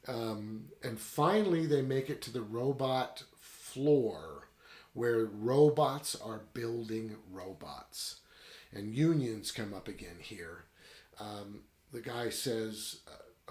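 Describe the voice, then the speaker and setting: A man's voice: lowish voice, animated, slow, a little mellow, echoey room. A man casually retelling and reviewing a story in a rambling, conversational way. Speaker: book reviewer. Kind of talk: casual book review talk.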